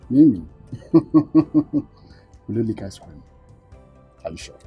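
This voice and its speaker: An actor with a Nigerian accent playing a gentle father, softly coaxing and soothing a crying child. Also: mid-range voice, very animated, slow pace, dull audio, faint music behind. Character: gentle father comforting his daughter. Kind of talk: Nollywood film acting.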